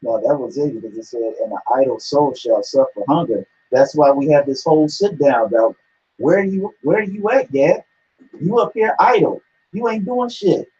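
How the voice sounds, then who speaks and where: Guy preaching, scolds ppl bluntly, cusses, slightly high voice, muffled lo-fi. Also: dark tone. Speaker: co-host reading scripture. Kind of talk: preaching discussion. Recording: dull lo-fi sound.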